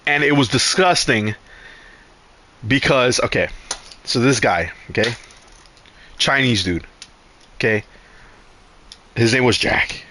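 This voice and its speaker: A man streaming live who tells a story in a loose, rambling way, full of swearing and restarts. His voice is bright and forceful. He sits at a middle pitch. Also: slow pace, long pauses, a little hiss or hum. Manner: animated, profane, rambling with restarts.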